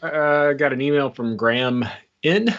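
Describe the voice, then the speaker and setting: A man's voice: mid-range voice, normal speed, a bit bright. A man co-hosting a podcast, reading a listener email in a hesitant, wry, casual way. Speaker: podcast co-host. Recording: dull, lo-fi.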